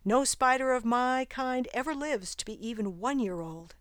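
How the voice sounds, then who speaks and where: A woman voicing a wise, calm spider near the end of its life, speaking in a gently teasing, philosophical way in a storybook reading. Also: high-pitched, moderate pace, dry recording, clean studio sound, voice pushed up. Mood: resigned. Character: wise calm female garden spider nearing death.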